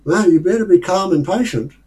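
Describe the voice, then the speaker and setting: Chuckling Australian man, fairly high voice. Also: brisk, darkish tone, low-quality recording. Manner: chuckles often, rambling, conversational. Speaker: speaker sharing life lessons. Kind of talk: casual storytelling talk.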